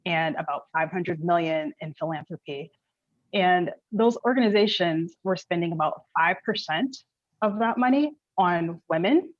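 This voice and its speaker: A woman's voice: fairly low pitch, dry recording. A woman speaking as a panelist in a panel discussion, forthright and emphatic. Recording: dry, dull-sounding audio.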